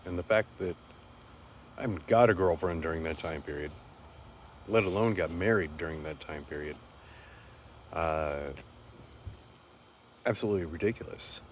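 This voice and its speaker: A man's voice: deep voice, moderate pace, pauses often. A man telling a joke and musing on perspective in a rambling, earnest monologue. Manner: rambling, earnest, repeats words. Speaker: speaker sharing life reflections. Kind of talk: casual reflective monologue. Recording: faint background noise.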